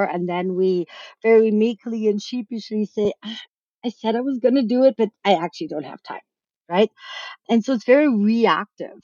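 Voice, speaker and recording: A frank, emphatic woman coach explains her views in a podcast interview, her pitch sitting mid-range. The sound is dry and a little dull and lo-fi. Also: a little mellow, dry recording. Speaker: business coach and author.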